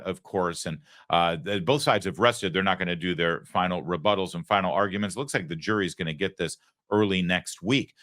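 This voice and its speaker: Male talk host, punchy sarcastic monologue, bright forceful voice. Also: fairly low pitch. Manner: sarcastic, emphatic, plays clips and breaks them down. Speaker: political talk show host. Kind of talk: opinion monologue.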